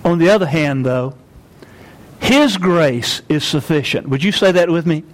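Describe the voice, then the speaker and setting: A man preaching a sermon, earnest and emphatic, slowing on key phrases and leading the congregation to repeat after him. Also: on the high side, lively intonation. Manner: earnest, leads congregation in call-and-response.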